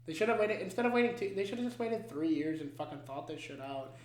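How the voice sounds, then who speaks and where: A young man co-hosting a podcast, telling a movie plot in animated casual chat, swearing often and acting out the scenes. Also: sits high, brisk, a crowd in the background. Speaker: podcast co-host. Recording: echoey room.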